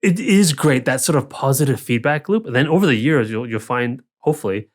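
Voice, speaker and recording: A man's voice: medium pitch, expressive, brisk. A man co-hosting a casual tabletop gaming podcast, rambling with restarts and acting out townsfolk lines. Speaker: podcast co-host, dungeon master. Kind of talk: casual chat.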